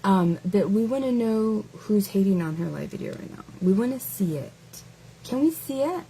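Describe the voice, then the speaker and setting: A woman's voice: mid-range voice, expressive, normal speed, warm tone, a little hiss or hum, poor audio. A woman hosting a casual live stream who mocks her target with taunting rhetorical questions, stretching out words as she goes.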